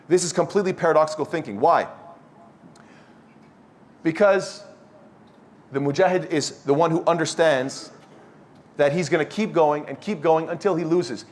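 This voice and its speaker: A man giving a blunt, scolding sermon to a youth circle, quizzing the audience with questions. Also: fairly high pitch. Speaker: speaker at a youth study circle. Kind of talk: lecture-style sermon to a live audience.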